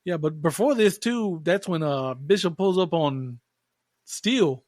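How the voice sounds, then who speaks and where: A man co-hosting a podcast, casually walking through a film's plot in relaxed, slangy talk. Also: fairly high pitch, unhurried, no echo, clean studio sound. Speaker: podcast co-host. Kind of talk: casual film recap chat.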